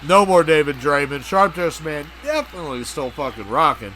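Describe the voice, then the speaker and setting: A man's voice: a little high, very animated, normal speed, sharp tone. A man co-hosting a podcast, telling a crude, rambling comedic story full of profanity and acted-out voices. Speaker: podcast co-host.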